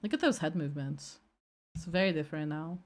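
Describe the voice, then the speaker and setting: A woman streaming casually, reacting to her old clips in an animated, self-mocking way. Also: low-pitched, fairly quick. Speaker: VTuber streamer.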